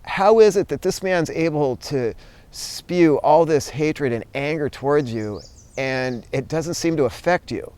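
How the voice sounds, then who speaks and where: A man voicing a polite, curious woman from the audience who asks a question in a smooth voice. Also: fairly high pitch, a little slow, a little mellow, dry recording, pitched above the performer's own voice, close to an everyday voice.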